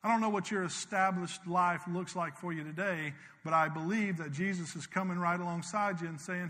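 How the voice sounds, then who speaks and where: Male pastor, high bright tenor, passionate preaching that swings from loud to hushed, long hall reverb. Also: steady tone, normal speed, hardly any pauses. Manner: preaches with swells of intensity and hushed intimate passages. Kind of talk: sermon.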